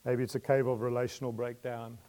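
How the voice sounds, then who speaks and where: A man preaching a sermon. He asks his listeners questions, laughs lightly between points, and moves from quiet asides to loud emotional pleas. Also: medium pitch, level tone, brisk.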